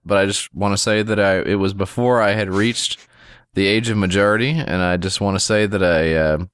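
A man's voice: lowish voice, a bit bright, clean tone, no room sound, studio quality. An American man hosting a casual podcast chat, rambling and self-deprecating, swearing freely. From United States. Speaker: podcast host.

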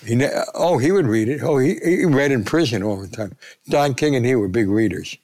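A man's voice: medium pitch, animated, brisk, darkish tone. An older man, a retired sports columnist, telling anecdotes as a guest and acting out the voices he quotes. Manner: gravelly, acts out quoted voices.

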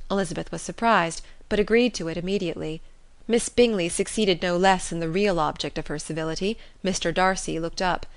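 A woman narrating a classic novel in a measured, expressive way. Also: mid-range voice, clear, resonant tone. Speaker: audiobook narrator.

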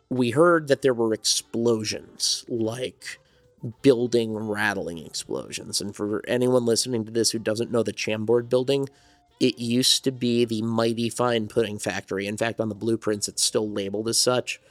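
Male interview guest from New Jersey, lower register, loose reflective storyteller; dry close recording. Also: fairly even intonation, measured pace, dry recording, faint music behind. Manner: rambling, reflective storytelling with many restarts. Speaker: songwriter and studio owner, interview guest. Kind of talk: casual interview conversation.

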